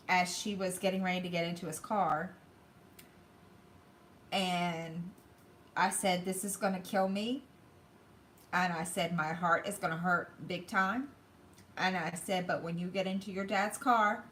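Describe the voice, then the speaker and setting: A woman hosting a craft livestream, slowly telling an emotional personal story and then crying. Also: fairly low pitch, steady tone, fairly bright tone. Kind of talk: livestream chat. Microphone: tablet mic. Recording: faint room noise.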